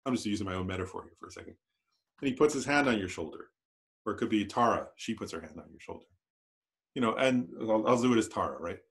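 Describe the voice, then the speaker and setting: A man's voice: on the low side, animated, quick pace, a bit bright. A man teaching a Buddhist class at a meditation center in a conversational way, often checking in with "right?". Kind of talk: dharma class lecture.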